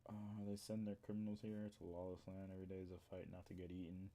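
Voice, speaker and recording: A man live streaming, chatting with his friends and reading his chat aloud. His voice sits on the low side, and his talk is crude and boastful, full of swearing. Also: completely flat delivery, fast talker, warm tone. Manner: talks to chat between jokes.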